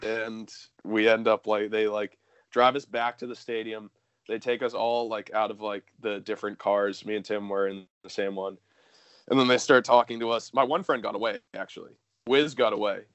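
A man's voice: fairly low pitch, steady tone, normal speed, fairly bright tone, smooth, no room sound, muffled recording. Rambling young man telling a wild story. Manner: rambling, swears a lot, many fillers. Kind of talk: casual storytelling.

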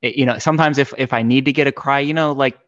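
A man's voice: mid-range voice, fairly even intonation, fast talker, a bit bright, no room sound. Man, podcast host, earnest and affirming, casual chat, dull lo-fi audio, dry. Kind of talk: casual conversation.

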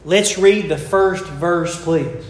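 A man delivers a sermon at a very slow, measured pace. His voice sits fairly high, and he pauses to stress key words. The sound carries a roomy echo. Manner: slow, deliberate preaching with emphatic pauses. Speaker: preacher.

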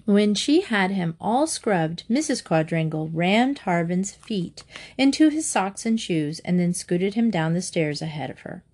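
Brief: female narrator, expressive children's book reading. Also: lowish voice, unhurried.

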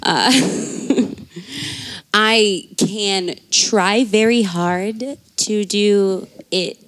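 A woman's voice: medium pitch, extremely slow. A woman co-hosting a comedy podcast, with a sibilant S that is almost a lisp, talking in a playful, rambling, self-mocking way. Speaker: podcast co-host. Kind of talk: casual comedic banter.

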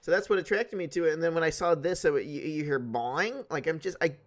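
A man hosting a casual podcast chat, animated and swearing freely as he spins comic what-if scenarios. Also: on the high side, brisk. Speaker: podcast host.

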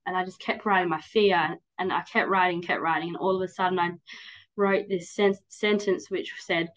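On poor audio, a woman in her 30s with a fairly low, fairly even voice speaks briskly as a guest on a podcast. The casual interview has her rambling candidly and at length, dropping "like" and "um" often.

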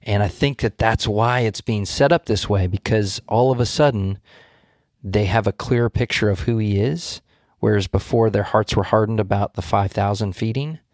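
A man's voice: lowish voice, a little mellow, dry recording, clean studio sound. A man co-hosting a casual Bible study discussion, explaining passages in a thoughtful, searching way with frequent restarts.

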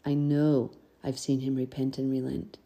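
A woman's voice: rumbling low, completely flat delivery, normal speed, dark tone. A woman hosting a podcast, reading scripture and commenting in an earnest, conversational way. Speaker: podcast host.

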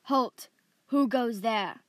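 A woman reading the part of a gruff, stern male estate guard in a storybook. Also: mid-range voice, steady tone, moderate pace, no room sound, close to an everyday voice. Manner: gruff, stern then softening.

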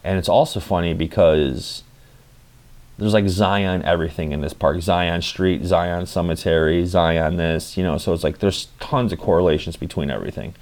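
A man's voice: deep voice, fairly even intonation, normal speed, a little mellow. A young man telling a story in a casual, rambling monologue, swearing often and filling gaps with "like" and "you know.". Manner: rambling, profane, full of fillers.

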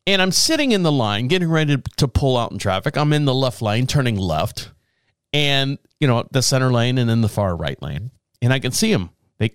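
A man spins a crude, animated story on his podcast. His voice is smooth and clear and sits a little on the high side, and it swings up and down a lot as he talks. The sound is dry and close. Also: dry recording. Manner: profane, animated, laughs through his stories. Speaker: podcast host. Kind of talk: casual storytelling.

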